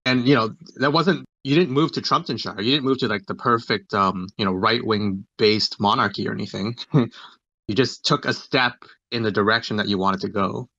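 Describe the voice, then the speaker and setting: A man's voice: fairly low pitch, moderate pace, sharp tone, no echo. Tense-voiced man, dry lo-fi sound. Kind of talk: casual podcast discussion. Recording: dry, dull lo-fi mic.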